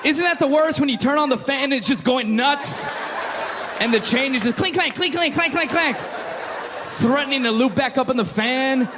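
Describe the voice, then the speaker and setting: A man's voice: very high voice, moderate pace. A man doing wry, self-mocking stand-up comedy. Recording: live stage, loud crowd and noise.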